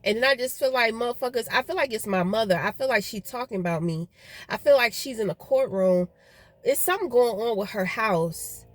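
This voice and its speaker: Woman vlogger, higher voice, dry sound; profane, rambling rant. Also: animated, fairly quick, no echo. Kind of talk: casual venting vlog. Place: outdoors.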